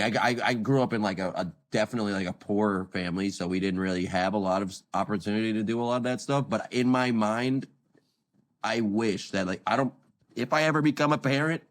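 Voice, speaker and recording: A man in his late twenties with a raspy voice, chatting casually as a podcast guest and rambling through animated stories. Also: fairly low pitch. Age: late 20s. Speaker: guest vocalist. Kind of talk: casual chat.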